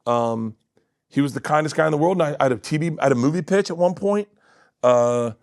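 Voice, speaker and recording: A middle-aged man telling a long funny story as a guest on a talk show, acting out the other people's voices and laughing loudly. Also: fairly high pitch, fairly quick, no room sound, studio quality. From Florida. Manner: acts out quoted voices, loud bursts of laughter. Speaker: comedian guest.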